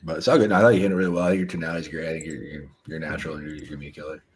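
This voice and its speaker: Fast-talking deep-voiced man coaching. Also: steady tone, a little hiss or hum. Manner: fast, filler-heavy, blunt. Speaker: host and sales coach. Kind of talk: casual coaching chat.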